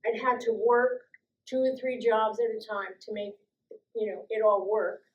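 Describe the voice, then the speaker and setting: An older woman from the US East Coast telling personal stories to an audience, lively and quick to act out other voices. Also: fairly high pitch, muffled recording. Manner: lively, acts out quoted voices, laughs often. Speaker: guest speaker sharing life stories. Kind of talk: personal storytelling talk.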